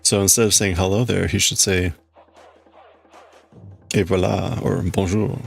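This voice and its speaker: Deep, creaky and slightly rough, this man's voice has little pitch movement and a measured pace, with faint music behind it. He's a livestream host chatting loosely with his live chat, rambling and often starting sentences over.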